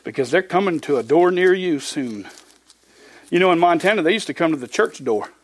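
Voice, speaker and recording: A man's voice: on the high side, expressive, fairly quick. A man preaching a verse-by-verse sermon, reading scripture aloud with rising emphasis and dropping into plainspoken, folksy asides. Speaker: pastor. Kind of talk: expository sermon.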